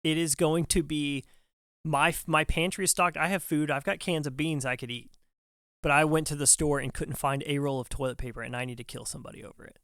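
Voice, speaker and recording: A young adult man, a firefighter guest on a podcast, telling a story casually and acting out what other people said in quick quoted bits. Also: fairly high pitch, fairly even intonation, a bit bright, clear, resonant tone, no room sound, studio quality. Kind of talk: animated storytelling in casual conversation.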